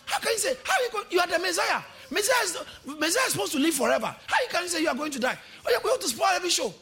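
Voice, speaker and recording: A man preaching voices an agitated male disciple, protesting in a rapid, exasperated way. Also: extremely high pitch, sing-song, bright, forceful tone, faint music behind, voice pushed up, full character voice. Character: agitated male disciple arguing with his teacher.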